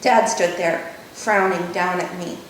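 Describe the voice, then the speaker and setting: A woman author reads her own novel in a measured first-person voice. The room rings with echo, and a faint low rumble runs beneath. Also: fairly even intonation, distant mic. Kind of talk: reading her novel aloud.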